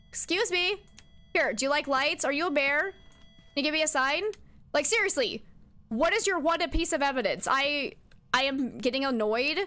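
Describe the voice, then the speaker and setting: A woman's voice: sits high, pushed and bright. A young woman streaming a horror game, chatting to her viewers and talking back to the ghost with jumpy outbursts. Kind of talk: live game commentary.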